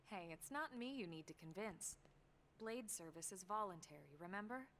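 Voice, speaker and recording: A woman's voice: mid-range voice, slight background noise. An actress playing a composed, dry-humored female soldier in a video game. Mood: calm. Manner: calm, measured, dry.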